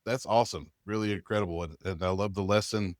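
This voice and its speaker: A man hosting a podcast, speaking in a fairly low voice and heaping enthusiastic praise on his guest. The sound is close and dry. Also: fairly even intonation, fast, dry recording. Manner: enthusiastic, affirming. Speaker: podcast host. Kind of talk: casual interview chat.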